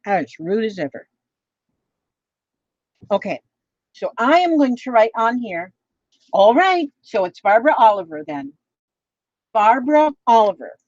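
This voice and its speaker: A chatty woman rambles through a craft video at her table, her voice a little high and full of fillers and restarts. The sound is dry and close, with a dull, lo-fi edge. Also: dry recording. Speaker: craft vlogger. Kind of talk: casual chat.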